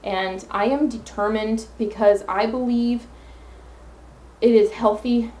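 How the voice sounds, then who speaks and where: A woman's voice: on the high side, steady tone, slow pace, a little mellow, roomy sound, slight background noise, rough recording. Earnest woman podcasting on her phone. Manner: earnest, rambling with self-affirmations. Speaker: podcast host. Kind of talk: solo podcast monologue.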